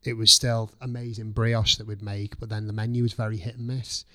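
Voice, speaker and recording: A man's voice: on the low side, little pitch movement, brisk, sharp tone. A man, a chef chatting as a guest, telling his story casually, swearing freely and acting out his own past thoughts. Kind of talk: casual podcast chat.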